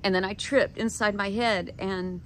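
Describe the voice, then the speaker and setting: A woman talking straight to camera, telling a personal story in an animated way and acting out her own quoted thoughts. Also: medium pitch, moderate pace, slight background noise. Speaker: video creator.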